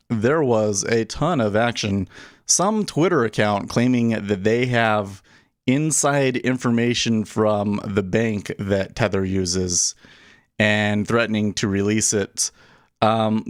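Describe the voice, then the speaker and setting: With a mid-range voice captured in clean, echo-free studio sound, a man hosts a day trading stream. He keeps things loose and jokey, laughing easily and talking through his thinking as he works the screens.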